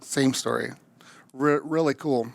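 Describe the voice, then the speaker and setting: A man's voice: mid-range voice, fairly even intonation, a little slow, creaky. A man from Nebraska telling a chatty, jokey story as a guest, a frog in his throat. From Omaha, Nebraska. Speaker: guest, camper finance manager. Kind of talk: casual storytelling.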